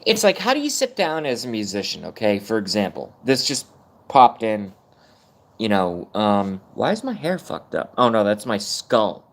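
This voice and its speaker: A man's voice: fairly low pitch, wildly swooping pitch, moderate pace, fairly bright tone. Thirties male streamer, loose self-mocking rant, lots of swearing. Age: 30s. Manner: profane, rambling, self-mocking. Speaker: live streamer. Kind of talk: casual rant on a live stream.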